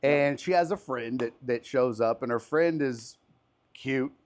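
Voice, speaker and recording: A man's voice: mid-range voice, measured pace. A man hosting a casual podcast chat, a comedian telling profane, rambling stories on an outdoor patio. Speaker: podcast host and stand-up comedian.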